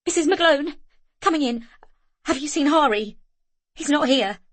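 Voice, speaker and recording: A woman's voice: sits high, slow pace, gravelly, dry recording, pitched above the performer's own voice, exaggerated voice. Woman voicing a frantic young mother. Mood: panicked. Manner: breathless, shaky, rising to shouts. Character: frantic young mother searching for her son.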